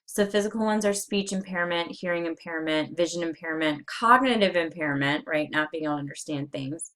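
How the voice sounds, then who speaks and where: A woman with a fairly low voice works through a nursing lecture, reading one slide point after another. She trails off into fillers as she goes. She sounds like a young adult recording a class. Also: fairly quick, a bit bright. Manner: reads slide points aloud with many fillers. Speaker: nursing instructor.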